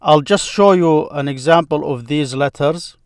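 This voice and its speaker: Slow, patient male teacher. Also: a little high, smooth, no echo, clean studio sound. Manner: slow and patient, repeats words to model pronunciation. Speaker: Arabic teacher. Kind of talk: screen-share grammar lesson.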